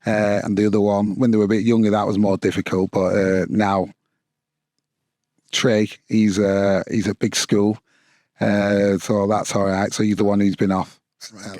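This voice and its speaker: Low-voiced Lancashire man, halting. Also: a little mellow, dry recording, clean studio sound. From Blackburn, Lancashire, England. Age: late 40s. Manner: rambling, halting, many fillers. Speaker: guest entrepreneur. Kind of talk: casual podcast interview.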